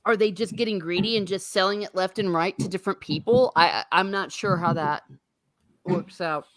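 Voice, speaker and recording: A woman's voice: fairly low pitch, moderate pace, a bit bright. A middle-aged woman hosting a casual livestream chat, laughing often and greeting viewers by name. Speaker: host.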